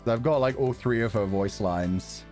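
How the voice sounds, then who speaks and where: A man casually chatting on a livestream, excitable, laughing often and swearing now and then. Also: mid-range voice, normal speed, soft background music. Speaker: streamer.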